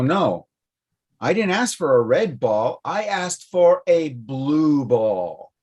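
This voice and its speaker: A man's voice: mid-range voice, darkish tone, husky. A man co-hosting a talk show, explaining ideas loosely with playful examples in casual chat. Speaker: podcast co-host.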